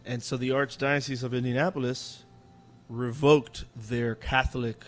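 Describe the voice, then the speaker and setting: A man's voice: medium pitch, level tone, measured pace, a bit bright. A man on a podcast panel, laid-back and plain-spoken in casual chat.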